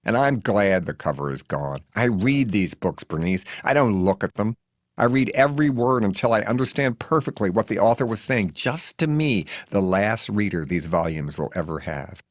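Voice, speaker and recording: A man voicing a grubby fortyish male fan of pulp paperbacks who yells with obsessive enthusiasm. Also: lowish voice, expressive, normal speed, dry recording, clean studio sound. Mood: fervent.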